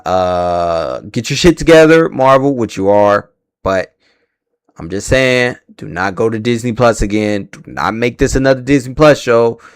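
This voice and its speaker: A man's voice: mid-range voice, unhurried, clear, resonant tone, no room sound, clean studio sound. A young man hosting a live stream, ranting angrily and swearing freely about film news. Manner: angry, profane ranting.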